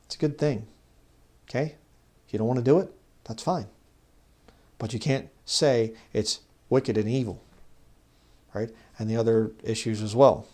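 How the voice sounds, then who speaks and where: A man giving an informal bible teaching, talking conversationally and growing louder when he reads scripture. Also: mid-range voice, moderate pace, pauses often. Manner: conversational, rises loud when reading scripture; mocks legalists in put-on voices. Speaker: preacher.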